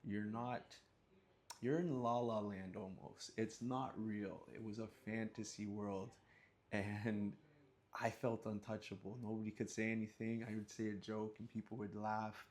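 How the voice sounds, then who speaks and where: A man casually telling a personal story, animated, with slang and sudden high-pitched acted outbursts. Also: measured pace. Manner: animated, acts out scenes with sudden high yelps and sound effects; relaxed slang-laced talk.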